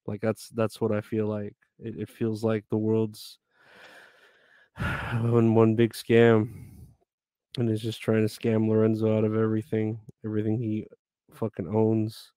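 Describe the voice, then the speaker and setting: A man's voice: on the low side, monotone, a little slow, warm tone, smooth, no room sound, clean studio sound. A tired man streaming live, chatting in a rambling, irritable way and swearing a lot. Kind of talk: casual live stream chat.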